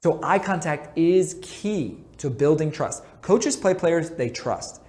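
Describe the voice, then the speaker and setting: A man's voice: on the high side, expressive, slow pace, a little mellow. Upbeat man teaching basketball leadership. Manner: conversational, keeps checking in with "right?"; jokey asides. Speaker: basketball coach teaching a lesson. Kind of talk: instructional talk.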